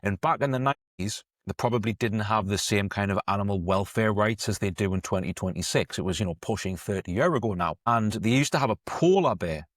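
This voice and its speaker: A man's voice: fairly low pitch, brisk, hardly any pauses, no echo, clean studio sound. A man, an eating coach telling a story in a chatty, conversational podcast monologue. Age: 30s.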